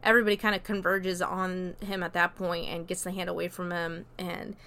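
Smooth-voiced woman recapping a movie. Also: fairly low pitch, level tone, brisk, bright, forceful tone. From America. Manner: chatty, peppered with "like" and "you know", swears freely. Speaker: movie reviewer. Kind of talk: casual plot recap.

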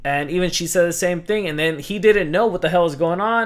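A man's voice: high voice, fairly quick, clean tone, soft background music. A man hosting a podcast, bantering loosely with friends, swearing freely and laughing often. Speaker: podcast host. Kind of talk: casual chat.

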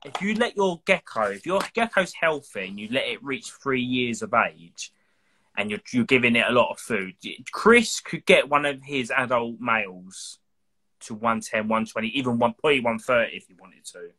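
Host read: young man, teasing and chatty, animated swings of pitch, bright edge. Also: normal speed. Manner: chatty, teasing, stammers into restarts. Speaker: host of a reptile live show. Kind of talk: casual live-stream chat.

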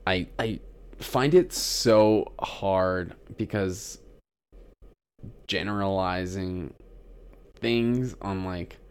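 A man's voice: low voice, drawn-out words, pauses often, smooth. A young man co-hosting a casual podcast, rambling and laughing often as he trails off and restarts. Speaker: podcast co-host.

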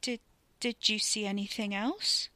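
A woman's voice: medium pitch, a little slow, sharp tone, no echo, voice pushed up. A woman playing a blunt, worried young woman. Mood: anxious. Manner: blunt, anxious questions.

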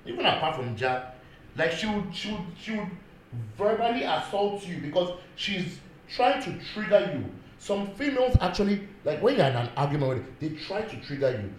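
A man's voice: high-pitched, normal speed. Nigerian man telling stories in an echoey room. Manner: animated storyteller who switches into Pidgin and Yoruba. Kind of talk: casual chat. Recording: echoey room with background noise.

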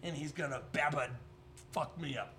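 A man's voice: a little high, normal speed, bright, forceful tone, a little hiss or hum. A young man hosting a podcast, chatting casually and telling jokey stories full of swearing. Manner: profane, rambling, jokey storytelling. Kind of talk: casual chat.

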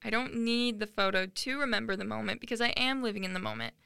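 A woman's voice: fairly high pitch, expressive, quick pace, creaky, pushed and bright, clear, resonant tone, no room sound, studio quality. A young woman in her late teens hosting a podcast, talking earnestly and emotionally in a rambling personal monologue with many fillers. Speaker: podcast host.

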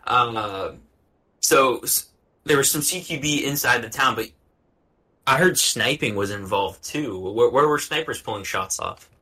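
A man's voice: medium pitch, unhurried, bright, forceful tone, slightly rough. A man hosting a casual chat, asking questions and summing up the answers. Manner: asks questions, sums up answers. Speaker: podcast host.

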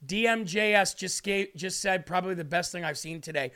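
A man's voice: sits high, a little fast, sharp tone. A man preaching an emotional livestream sermon, pleading and repeating questions for emphasis.

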